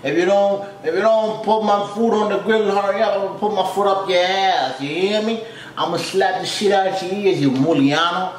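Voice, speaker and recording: A man's voice: high-pitched, normal speed, very echoey, distant mic, pitched above the performer's own voice, close to an everyday voice, low-quality recording. A man voicing a brash, hot-tempered Italian-American man who barks out a food order with blustering threats in a put-on Italian-American accent. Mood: blustering, threatening.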